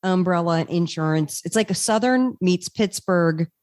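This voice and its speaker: A woman with a slightly low voice tells stories as a podcast guest, lively and quick to laugh. The sound is dry and close, with no room around her. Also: dry recording. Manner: animated storyteller, laughs often. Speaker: podcast guest, actress and voice actor. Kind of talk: casual interview chat.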